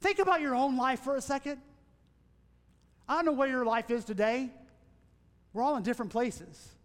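A man preaching a sermon as pastor, earnest, building into emphatic lists and dropping to hushed asides. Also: very high voice, normal speed. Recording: long church reverb.

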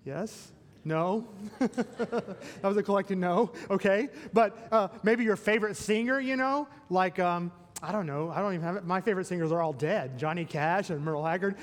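A man preaching a sermon in a church sanctuary, his voice sitting unusually high for a man. He mixes jokes and questions to the congregation into the message, and a long hall reverb trails every phrase. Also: normal speed. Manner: playful, animated preaching with asides to the congregation. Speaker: pastor.

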